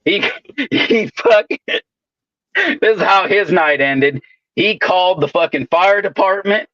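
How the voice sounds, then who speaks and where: A man's voice: sits high, expressive, takes it slowly, fairly bright tone, no room sound, lo-fi sound. A man telling rowdy work stories in casual, profane chat, swearing constantly. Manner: swaggering storyteller, swears constantly. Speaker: welder co-host.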